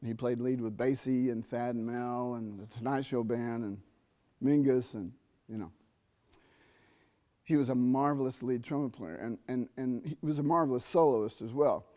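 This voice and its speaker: A man's voice: medium pitch, mellow. A middle-aged man giving a jazz trumpet masterclass in a conversational way, quizzing his listeners and singing out rhythms. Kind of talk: masterclass talk. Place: university theatre stage.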